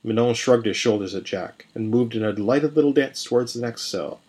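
A man narrating a scripted fantasy story in a measured, even reading. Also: mid-range voice, slightly rough. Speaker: podcast storyteller.

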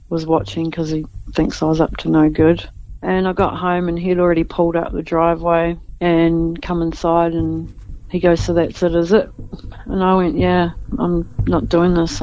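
A woman with an Australian accent giving a halting personal account in a news interview. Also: on the low side, warm tone. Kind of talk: personal testimony. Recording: dull lo-fi sound with music bed.

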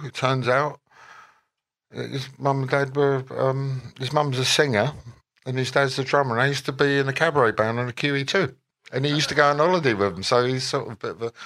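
An older man chats through audience questions at a Q&A, wandering off on tangents and correcting himself mid-thought. His voice sits at an ordinary middle pitch, and his tone is dry and wry. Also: fairly bright tone. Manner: rambling, self-correcting, wry. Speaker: musician guest at a Q&A. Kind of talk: relaxed conversational Q&A answers.

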